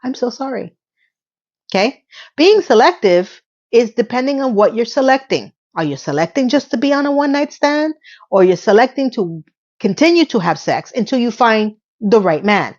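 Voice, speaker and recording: A woman host giving a casual episode recap, chatty and sassy, with playful asides and quick self-corrections. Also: fairly high pitch, big pitch swings, darkish tone, highs cut off. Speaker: video host.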